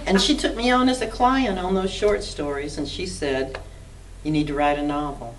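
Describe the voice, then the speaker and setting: A middle-aged woman spins stories with a somewhat low voice, acting out both sides of old conversations and breaking into laughter. The mic sits some way off, and a faint hiss of background noise runs underneath. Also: moderate pace, far from the mic, rough recording. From Mississippi, US South. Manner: lively, acts out dialogue, laughs often. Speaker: author, interview guest. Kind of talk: animated anecdotal storytelling. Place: arts council interview room.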